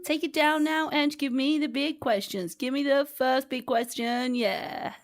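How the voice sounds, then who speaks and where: A middle-aged woman, hoarse from shouting, co-hosting a casual comedy chat with lots of laughing and swearing. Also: sits high, fairly even intonation, unhurried. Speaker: podcast co-host.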